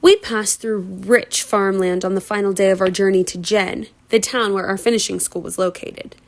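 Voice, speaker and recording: A woman's voice: mid-range voice, fairly even intonation, moderate pace, creaky. A woman reading a novel aloud at home as a homemade audiobook, breaking into giggly, chatty asides. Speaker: reader.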